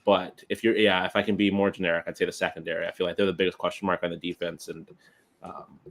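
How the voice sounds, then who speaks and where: A young American man co-hosting a sports podcast, giving his opinions in a hedging, halting way. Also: deep voice, little pitch movement. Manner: hedging, many fillers and restarts. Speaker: podcast co-host. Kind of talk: casual sports chat.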